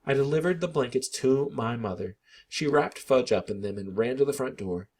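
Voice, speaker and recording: Guy reading a kids book out loud, husky voice, really lively and bouncy. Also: medium pitch, moderate pace. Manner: animated, expressive. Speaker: narrator reading a children's book aloud. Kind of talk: expressive read-aloud narration.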